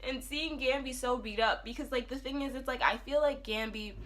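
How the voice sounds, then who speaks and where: A woman reviewing a TV episode in a casual, animated retelling that acts out the characters' lines. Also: sits high, a little fast, slight background noise. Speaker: TV review vlogger.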